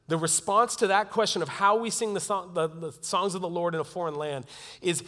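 Earnest preaching man in a reverberant hall. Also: high voice. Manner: earnest, swings from loud to hushed. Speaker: pastor. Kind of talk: sermon.

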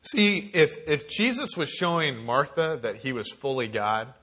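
A man's voice: on the high side, very animated, a little slow, pushed and bright. A young adult man giving a conversational, earnest sermon as a campus minister, reading scripture aloud and reflecting on it.

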